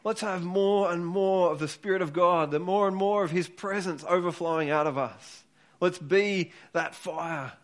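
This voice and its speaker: A high-voiced man delivering a sermon in an earnest, urging way. As a pastor speaking to his congregation, he often doubles back on a word before pressing his point home. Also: moderate pace. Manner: earnest, urging, repeats words as he builds each point.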